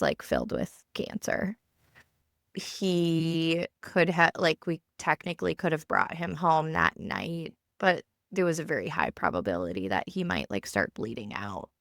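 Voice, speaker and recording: A woman in her thirties co-hosting a podcast, talking casually in a halting way full of fillers and restarts, recorded at home in a basement. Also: deep voice, big pitch swings, vocal fry, fairly bright tone, dry recording, studio quality. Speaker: podcast co-host. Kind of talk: casual chat.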